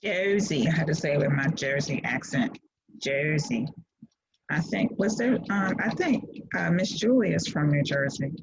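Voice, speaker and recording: Playful teacher, low woman, lo-fi call. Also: lively intonation, normal speed, gravelly, noisy background. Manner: playful, encouraging, laughs often. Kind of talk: online class lesson. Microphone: video call. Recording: dull lo-fi video call audio.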